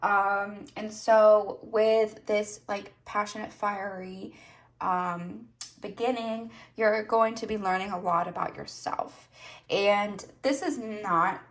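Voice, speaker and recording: A woman's voice: medium pitch, steady tone, slow pace. Rambling young woman tarot reader, roomy echo. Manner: rambling, earnest, heavy use of 'like' and 'um'. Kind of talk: casual pick-a-card tarot reading.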